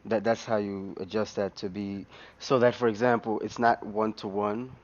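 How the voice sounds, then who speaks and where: A man's voice: fairly low pitch, little pitch movement, normal speed. Rambling man on a muffled stream. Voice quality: rambling, lots of fillers and restarts, laughs often. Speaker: live stream host. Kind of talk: casual gaming stream chat.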